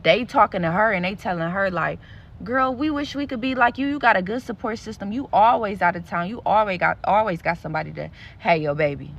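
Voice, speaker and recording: A woman's voice: medium pitch, a little fast, lo-fi sound. A young adult woman telling a storytime rant in a casual, blunt, profane way, acting out what other people said. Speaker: social media creator.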